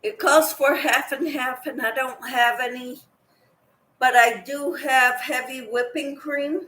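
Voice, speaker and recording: A woman's voice: high-pitched, fairly even intonation, takes it slowly, bright, forceful tone, reverberant. A woman hosting a casual crochet livestream, chatting with viewers by name while she cooks in her kitchen. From Kansas. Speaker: crochet channel host. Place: home kitchen.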